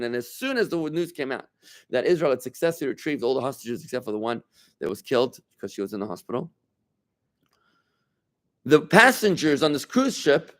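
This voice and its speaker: Rabbi guy teaching a small class, chatty, keeps asking the room stuff, restarts his sentences a lot. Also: fairly high pitch. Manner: conversational, asks the room questions, many restarts. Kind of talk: informal Torah class.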